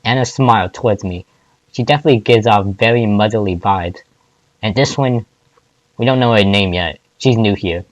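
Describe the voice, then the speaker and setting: A man's voice: on the low side, normal speed, no echo. A man reading fan fiction aloud, often stumbling and restarting words. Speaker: fanfic reader.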